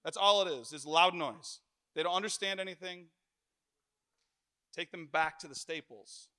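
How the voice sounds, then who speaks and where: A middle-aged man preaching a sermon in church, telling stories with jokes and lively animation. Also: on the high side, moderate pace. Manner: animated, joking storyteller.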